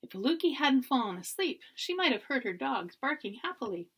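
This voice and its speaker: Expressive storybook reader, woman, higher voice, reads aloud for kids. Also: brisk, breathy edge. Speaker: volunteer teacher reading to children. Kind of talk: children's storybook reading.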